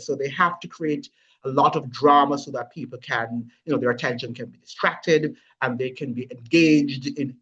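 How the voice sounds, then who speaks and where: Emphatic man, husky and lo-fi. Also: medium pitch, bright, forceful tone. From Jamaica. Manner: emphatic, lecturing, rhetorical questions. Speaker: commentator. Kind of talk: opinion commentary. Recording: husky voice, dull lo-fi audio.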